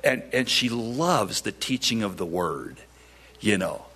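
A middle-aged man, a pastor, telling a story in an animated sermon, often repeating his words. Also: lowish voice, slow pace, breathy edge.

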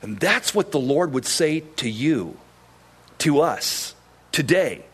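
A man preaching a sermon, telling a story and acting out quoted voices, with sudden drops into a low tone. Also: very animated, takes it slowly, fairly bright tone, breathy edge.

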